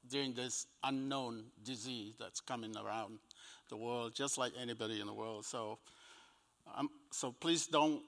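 Speaking in a mid-range, fairly bright voice, this older Cambodian-accented evangelist shares his own story in an interview. He chuckles often between lines and performs the quoted dialogue. Long echoey reverb fills the recording.

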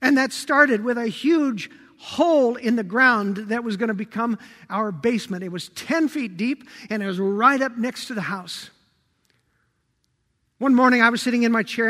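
High-voiced preacher in a reverberant hall. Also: male voice, sharp tone. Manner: preaching with rising and falling emphasis, repeated rhetorical questions. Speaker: pastor. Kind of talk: sermon.

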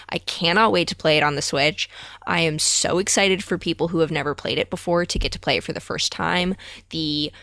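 A woman co-hosting a podcast in a casual, gushing manner and laughing easily. Her voice is on the lower side for a woman. The sound is dry and close. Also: fairly bright tone, no echo. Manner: bubbly, gushing, quick to laugh. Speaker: podcast co-host.

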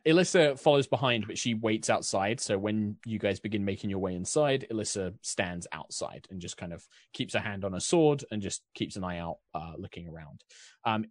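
A man's voice: on the low side, no echo. A man narrating as dungeon master, describing scenes in a rambling way full of fillers. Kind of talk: narrating a tabletop game.

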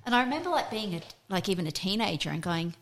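A woman's voice: mid-range voice, very animated, fast talker. A woman in her fifties, a guest, telling stories in a reflective, casual way with many fillers. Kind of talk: casual chat.

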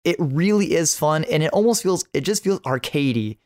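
A man's voice: fairly high pitch, lively intonation, normal speed, a little mellow. A man co-hosting a video game podcast, chatting enthusiastically with lots of casual fillers and slang. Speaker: podcast co-host. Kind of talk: casual chat.

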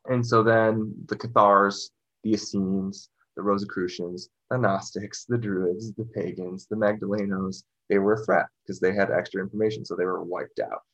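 A man's voice: lowish voice, flat delivery, moderate pace, fairly bright tone, dull audio. A man talking in a casual podcast discussion, rambling and restarting, full of "you know".

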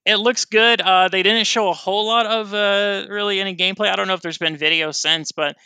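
A man co-hosting a casual gaming podcast, chatty and relaxed with plenty of filler words. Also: sits high, brisk, clean tone, dry recording. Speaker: podcast host.

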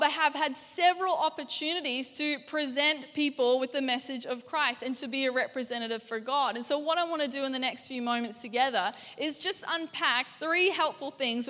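Woman, Australian accent, young, high voice, casual joking sermon, echoing church hall. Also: a bit bright. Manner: chatty, jokey, quizzes the congregation. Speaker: guest preacher. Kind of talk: conversational sermon. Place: church auditorium.

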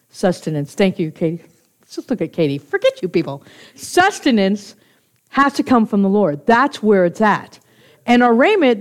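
A woman's voice: mid-range voice, darkish tone. A woman teaching an informal Bible study to a small group, chatty and confessional, often restarting and correcting herself and laughing with her listeners. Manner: laughs easily, jokes with listeners.

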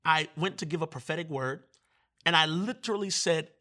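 A guest minister from Virginia tells his testimony in conversation, speaking in a fairly high voice and fairly quickly. He is animated and acts out the voices of the people he quotes.

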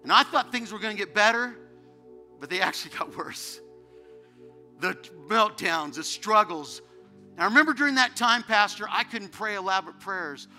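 A man's voice: high voice, expressive, moderate pace, pushed and bright, soft background music. A man preaching a sermon as a guest pastor, telling an emotional personal story that builds into fervent preaching. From United States.

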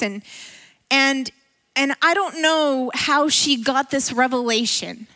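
A woman preacher giving a sermon in church, retelling a story with animated energy and frequent laughter. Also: high voice.

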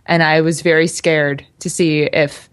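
A young woman co-hosts a podcast in easygoing chat, her voice sitting on the lower side. She rambles, restarts and breaks into giggles often. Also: level tone, measured pace, clean tone. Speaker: podcast co-host. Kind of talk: casual chat.

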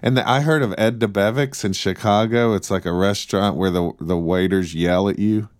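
A man's voice: lowish voice, moderate pace, no room sound. A man co-hosting a casual chat, telling humorous stories with a dry wit. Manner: dry humorous, storytelling, mock-announcer bits. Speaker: podcast co-host.

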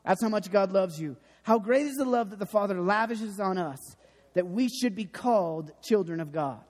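Young male preacher, high voice, long hall echo, animated storyteller. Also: normal speed. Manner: animated storytelling, self-deprecating. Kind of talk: sermon.

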